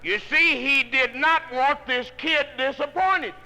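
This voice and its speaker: A man giving a folksy motivational speech to salespeople, telling homespun stories and swinging from hushed tones to loud ones, on a 1960s spoken-word record. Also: extremely high pitch, takes it slowly, in a large hall, low-quality recording.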